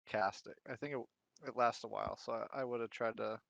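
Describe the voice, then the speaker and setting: A man's voice: mid-range voice, fairly even intonation, moderate pace, creaky, a bit bright, no room sound. Hesitant man on a dull mic. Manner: hesitant, thinks aloud. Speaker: player. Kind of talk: casual chat.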